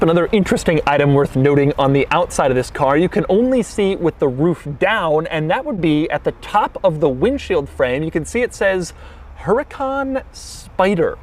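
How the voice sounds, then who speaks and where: A man's voice: fairly high pitch, darkish tone, slight background noise. A man giving a casual, enthusiastic car walkaround review with wry asides.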